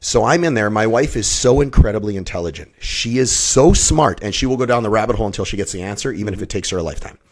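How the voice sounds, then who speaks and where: A man in his fifties sits as a podcast guest, telling his own story with raw intensity. His voice is fairly low, and he talks bluntly, swearing freely as he goes. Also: animated, quick pace, hardly any pauses. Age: 50s. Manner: blunt, heavily profane, intense. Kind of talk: emotional personal storytelling.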